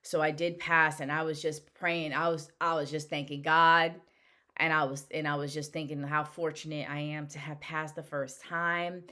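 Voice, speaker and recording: Bright-voiced woman sharing a personal story. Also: low voice, level tone, normal speed. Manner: emotional, candid, restarts often. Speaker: vlogger recounting her bar exam.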